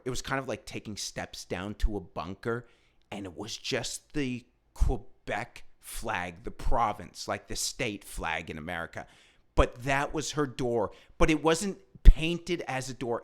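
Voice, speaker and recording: Swearing freely and getting more animated, a stand-up comedian tells a meandering story in a relaxed way. His medium-pitched voice is smooth and crisp with a forceful, bright edge.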